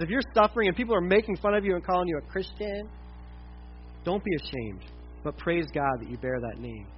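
High-voiced man preaching a chatty sermon. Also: muffled recording, a little hiss or hum. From United States. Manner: conversational and animated, dips to quiet asides. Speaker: pastor.

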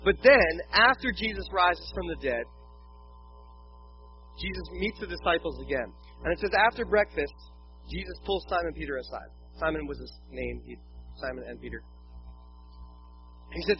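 A man's voice: a little high, expressive, normal speed, long pauses. A man preaching a sermon in a conversational way, with casual jokey asides. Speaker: pastor. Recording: dull lo-fi with faint music.

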